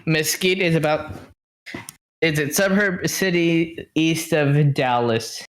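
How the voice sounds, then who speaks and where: A man's voice: fairly high pitch, steady tone, slow, a little hiss or hum. Rambling man thinking aloud. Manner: rambling, thinks aloud, trails off mid-sentence. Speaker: podcast co-host. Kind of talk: casual chat over a voice call.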